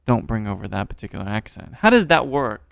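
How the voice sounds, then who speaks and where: Gravelly-voiced male podcast host. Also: on the low side, sing-song, fast talker, no room sound, studio quality. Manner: upbeat, affirming, frequent interjections. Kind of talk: casual podcast interview.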